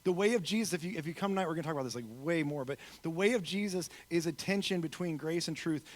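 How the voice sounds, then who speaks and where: A man giving a sermon as a guest speaker in a church, telling stories with acted-out quotes, swinging from loud emphasis to soft, quiet moments. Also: a little high. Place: church sanctuary.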